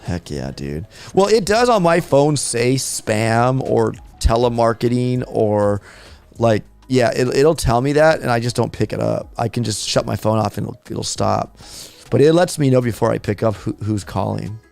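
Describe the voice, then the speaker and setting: A man in his thirties talks casually on a gaming stream, his voice gravelly. He rambles, circling back and restarting his sentences. Faint music plays under his voice. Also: mid-range voice, expressive, normal speed, darkish tone. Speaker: gaming channel host. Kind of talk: casual live-stream chat.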